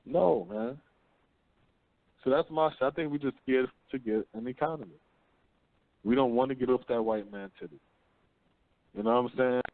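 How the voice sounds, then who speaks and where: This talk radio host, taking calls, has a creaky mid-range voice, speaks at normal speed, and leaves long pauses. His storytelling is blunt and slangy, peppered with rhetorical questions, often "you see what I'm saying?" The dry recording sounds like a tinny phone line.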